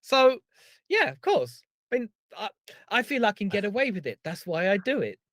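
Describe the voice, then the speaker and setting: A man co-hosting a podcast, telling stories in a lively, teasing way. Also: high-pitched, normal speed, no room sound. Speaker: podcast co-host. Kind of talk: casual podcast chat.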